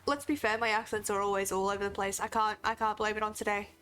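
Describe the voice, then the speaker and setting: A woman's voice: medium pitch, flat delivery, quick pace, a bit bright. Aussie-born woman streaming games, tired n sick, laughs at herself, faint game music behind. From Australia. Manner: chatty, self-deprecating. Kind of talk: casual gaming stream chat.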